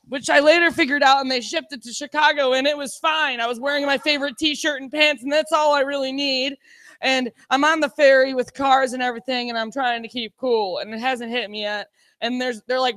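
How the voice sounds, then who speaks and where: A woman telling a stand-up story with a high, bright voice. She throws herself into the quotes she acts out and shouts her punchlines. Her voice stays lively and animated all the way through. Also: normal speed. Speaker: stand-up comedian. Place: bar stage.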